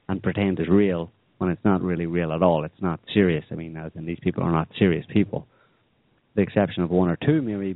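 A man's voice: deep voice, no echo. Sardonic rambling man, tinny sound. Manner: rambling, sardonic, many restarts. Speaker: podcast co-host. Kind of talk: opinionated political chat.

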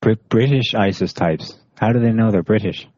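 A man co-hosting a podcast, cutting in with dry, skeptical questions. His voice is low, dark and husky. The sound is dry and muffled. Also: normal speed, no room sound. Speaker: podcast co-host. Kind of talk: casual chat.

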